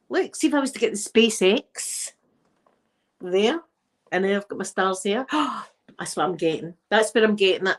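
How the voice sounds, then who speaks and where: Middle-aged woman, broad Glaswegian Scottish accent, mid-pitched, chatty and joking casual vlogger. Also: animated, normal speed. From Scotland. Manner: chatty and playful, laughs at her own jokes. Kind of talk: casual chat vlog.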